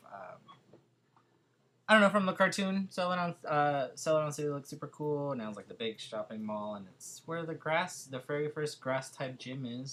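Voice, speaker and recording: A man's voice: mid-range voice, fairly bright tone. A young man with a Californian accent, chatting casually as a vlogger answering viewer questions, hesitant and full of fillers. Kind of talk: casual chat.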